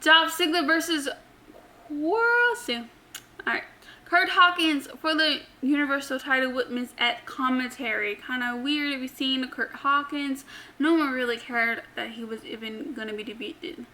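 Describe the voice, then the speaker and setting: A woman's voice: high voice, steady tone, normal speed, sharp tone, low-quality recording. A woman casually recapping a wrestling episode for her channel, chatty, with many ums and offhand opinions. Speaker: wrestling show recap host.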